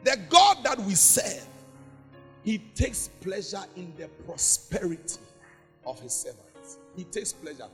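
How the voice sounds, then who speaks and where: A man's voice: high voice, huge pitch swings, measured pace, soft background music. A man, a pastor, preaching a sermon in an emphatic, repetitive way that swells into chanted prayer. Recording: long hall reverb.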